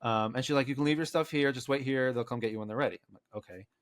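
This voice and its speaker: A man's voice: mid-range voice, racing, no echo, studio quality. A man co-hosting a podcast, telling a long story in a rambling, casual way and acting out what others said, with many filler words. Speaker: podcast co-host. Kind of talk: casual storytelling among friends.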